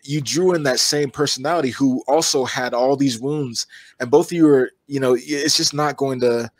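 A man who works as an energy healer, telling long stories in a relaxed interview with many fillers and restarts. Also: medium pitch, moderate pace, no echo.

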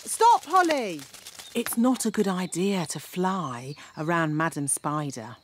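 Cartoon: a bossy fairy nanny, lectures kids, blunt, lively swooping pitch, unhurried. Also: female voice, slight background noise. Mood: instructive. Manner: bossy, lecturing, rudely frank. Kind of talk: cartoon voice acting.

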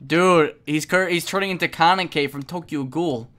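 A young woman streaming a game, giving casual commentary with lots of swearing and sudden shouts. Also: sits low, moderate pace. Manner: profane, excitable, frequent shouting.

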